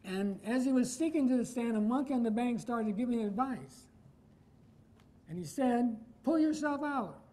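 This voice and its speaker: Mellow-voiced preacher from Iowa, man. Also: very high-pitched, normal speed, rough recording. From Iowa, United States. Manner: emphatic, asks the congregation rhetorical questions. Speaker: pastor. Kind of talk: sermon.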